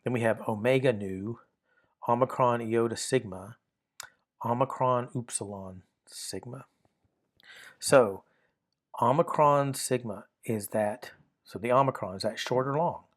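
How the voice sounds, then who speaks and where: A man's voice: medium pitch, a little slow, long pauses. Methodical man teaching a grammar lesson. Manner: methodical, repeats and restarts while pointing at examples.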